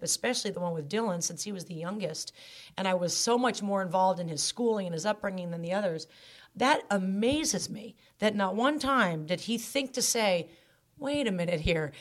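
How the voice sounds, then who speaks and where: A woman talking candidly as a guest on a podcast about her stepson, getting emotional and choked up. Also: medium pitch. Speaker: stepmother guest. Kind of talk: emotional interview talk.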